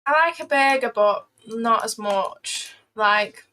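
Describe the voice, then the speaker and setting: A woman's voice: on the high side, slow, bright, forceful tone, rough recording. A young woman chatting casually on a livestream, playful and rambling as she reacts to her chat. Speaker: trading livestreamer.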